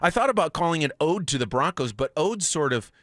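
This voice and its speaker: A man hosting a sports radio show in a studio, chatting excitedly and reading out listener texts. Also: a little high, fairly quick, dry recording. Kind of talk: casual sports radio chat. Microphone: studio microphone.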